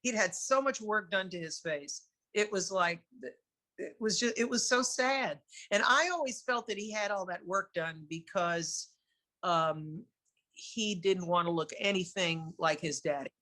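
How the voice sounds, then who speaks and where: A woman with a New York accent, an interview guest and singer, telling candid stories in a lively way and laughing often. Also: medium pitch, unhurried. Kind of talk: casual storytelling in an interview.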